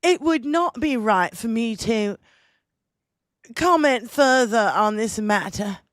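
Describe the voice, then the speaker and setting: A woman's voice: a little high, expressive, no room sound, clean studio sound. A woman putting on a pompous royal with a fake English accent. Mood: mock-solemn. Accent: put-on English accent. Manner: slow, mock-solemn official reading. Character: a stiff royal reading a formal palace statement.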